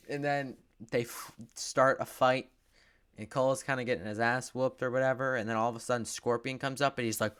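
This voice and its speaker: A man's voice: medium pitch, normal speed, a bit bright, clear, resonant tone. A young man giving a profane, sarcastic movie recap, full of filler words and swinging between mutters and outbursts. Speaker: movie reviewer.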